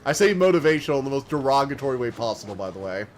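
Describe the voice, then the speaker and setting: A man's voice: medium pitch, sing-song, racing, soft background music. Chatty American man streaming a game. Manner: chatty, rambling, lots of "like". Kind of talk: casual let's-play commentary.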